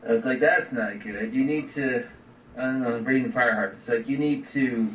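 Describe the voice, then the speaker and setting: A man's voice: mid-range voice, moderate pace. Rambly co-host guy who keeps restarting his lines, echoey room, sounds far off with faint hiss. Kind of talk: casual podcast chat. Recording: roomy, distant, dull lo-fi with faint noise.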